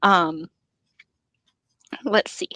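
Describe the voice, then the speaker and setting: A woman's voice: on the low side, very slow, bright, forceful tone, no room sound, poor audio. A woman co-hosting a podcast, reading a book aloud and breaking off into giggly, joking chat.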